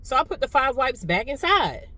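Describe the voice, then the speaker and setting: A woman's voice: high-pitched, sing-song, normal speed, poor audio. Nonchalant woman telling a story. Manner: nonchalant, chatty, drifts between hushed asides and louder telling. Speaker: vlogger. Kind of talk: casual storytime vlog. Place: riding a bus.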